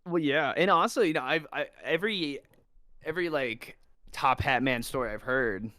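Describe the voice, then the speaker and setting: A young man co-hosting a casual podcast, telling stories with loud acted outbursts. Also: on the high side, moderate pace, dry recording. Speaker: podcast co-host. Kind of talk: casual chat.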